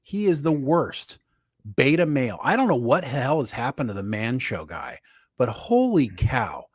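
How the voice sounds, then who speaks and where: A man's voice: medium pitch, big pitch swings, a little slow, husky, dry recording. A man co-hosting a casual political podcast, laughing often and getting emphatic and heated. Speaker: podcast co-host.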